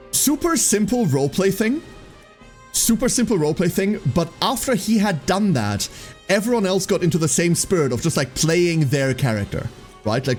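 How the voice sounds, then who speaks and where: Animated man chatting over faint music. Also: on the high side. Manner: animated storyteller, swears, acts out quotes. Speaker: streamer. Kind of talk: casual chat to stream chat.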